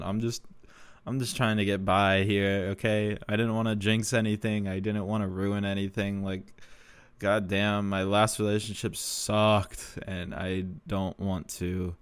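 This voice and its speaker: A young man with a low voice tells a casual podcast story. He rambles, swears freely and laughs at himself, recorded dry and close with no room sound. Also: smooth, dry recording. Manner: rambling, profane, self-deprecating, laughs often. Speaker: podcast host.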